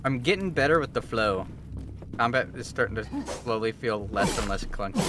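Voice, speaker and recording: A man streaming a video game live, reacting in an excitable, joking and profane way. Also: medium pitch, moderate pace, a little hiss or hum. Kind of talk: live gameplay commentary. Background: game music.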